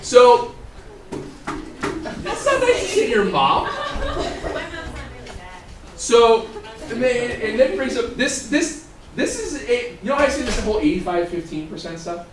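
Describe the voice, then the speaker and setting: A man teaching a class in a high, animated voice, full of jokes and laughter. He is picked up from a distance in a roomy, echoing classroom. The chatter of many students fills the space behind him. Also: measured pace, long pauses. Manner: playful, laughs often, animated. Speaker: math teacher. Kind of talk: joking classroom lecture. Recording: echoey classroom from far off with students.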